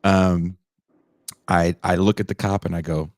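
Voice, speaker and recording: A man in his forties talks with a notably deep voice. The recording is dry and close, with no room sound. As a podcast host he tells a story in a lively, casual way and gives the people in it their own voices. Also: a little slow, long pauses, no room sound. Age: 40s.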